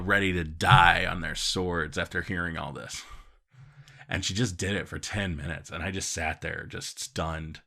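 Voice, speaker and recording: A man's voice: low-pitched, creaky, sharp tone. A man telling a comic story from his own life in a rambling, self-mocking way, full of fillers.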